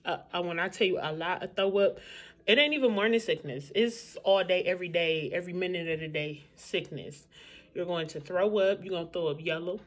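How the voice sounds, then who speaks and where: A woman's voice: lowish voice, a little fast. A woman vlogging in a casual, candid chat, talking straight to her viewers.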